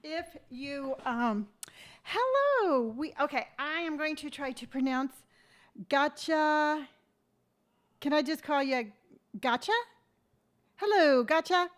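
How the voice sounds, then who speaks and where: A woman's voice: high voice, animated, a little slow. A woman in her fifties hosting a casual morning live stream, chatty and rambling, greeting viewers by name. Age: 50s.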